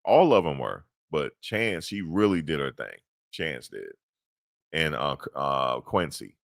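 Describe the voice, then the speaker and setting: Low-voiced dude telling a story all animated, dry close sound. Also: male voice, measured pace, gravelly, no echo. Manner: animated storytelling, slangy, repeats himself. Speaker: commentator recapping a court hearing. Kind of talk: casual recap.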